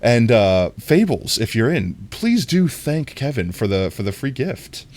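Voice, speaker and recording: A young man chatting casually on a gaming livestream, rambling and correcting himself, and getting excited when he greets viewers. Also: mid-range voice, unhurried. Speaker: streamer.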